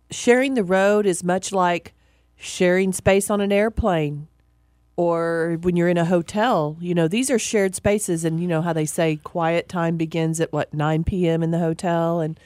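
A woman on a radio show panel, giving her opinions in an animated, chatty way. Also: lowish voice, a little slow, no room sound, studio quality. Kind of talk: casual radio chat.

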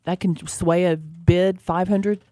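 A woman's voice: lowish voice, steady tone, slow, warm tone, no echo. A woman co-hosting a car-buying radio show, chatty and bantering with her co-hosts. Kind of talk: casual radio talk.

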